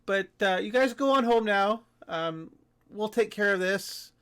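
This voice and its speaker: Man, tabletop player, friendly and halting, high voice. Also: a bit bright, clean tone. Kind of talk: in-character tabletop play.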